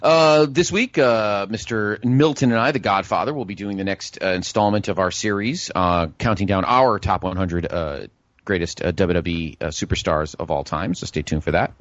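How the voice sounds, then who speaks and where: A man co-hosting a podcast, talking haltingly with many filler sounds. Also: low voice, no echo, highs cut off. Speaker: podcast co-host. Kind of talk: casual podcast chat.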